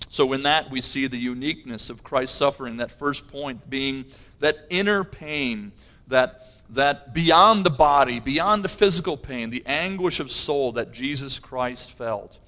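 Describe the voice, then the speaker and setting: A man's voice: medium pitch, a little slow, pushed and bright. A middle-aged pastor preaching a sermon, earnest, with his voice rising in intensity on key phrases.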